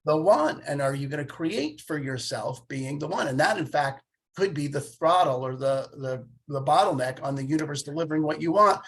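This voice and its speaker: A man nearing sixty tells stories in a relaxed podcast chat, his fairly high voice husky and breathy at the edges. He gets animated, slipping into the voices of the people he quotes. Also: normal speed. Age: 50s. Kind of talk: casual conversation.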